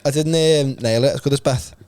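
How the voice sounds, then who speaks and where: Man, fast-talking podcast host, chatty and jokey. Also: mid-range voice, darkish tone, dry recording. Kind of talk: casual chat.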